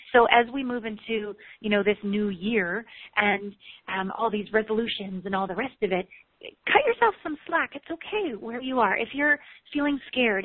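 A woman relationship coach giving a candid, animated motivational talk, swearing casually. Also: a little high, no room sound. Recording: tinny phone-like sound.

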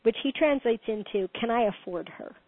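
A middle-aged woman talks through relationship advice with lively emphasis and frequent laughter. Her voice sits a little high for a woman. It comes through a tinny, phone-like line with a dry sound. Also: normal speed, dry recording. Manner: animated, laughs often, emphatic advice-giving. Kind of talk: casual conversation.

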